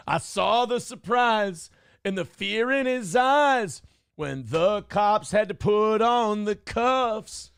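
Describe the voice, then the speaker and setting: A man hosting a comedy talk show, loud and profane, laughing and breaking into sung parodies. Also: sits high, expressive, takes it slowly, vocal fry, clean tone, no room sound, clean studio sound. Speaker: show host. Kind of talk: crude comedic banter with song parodies.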